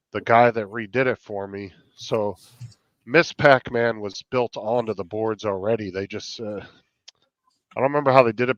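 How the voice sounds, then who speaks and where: A man's voice: on the low side, no room sound, dull audio. A man hosting a live stream, chatting loosely and joking with friends. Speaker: streamer host. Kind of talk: casual live-stream chat.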